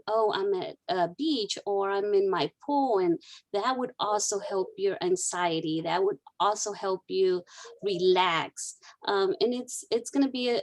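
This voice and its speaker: A woman counselor guiding a client through a therapy exercise, repeating key phrases as she coaches. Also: mid-range voice. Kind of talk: counseling session role-play.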